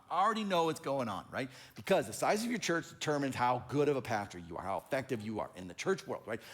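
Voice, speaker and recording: A male pastor giving a conversational sermon, telling stories and acting out other people's voices in an animated way. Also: a little high, a little fast. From Oregon.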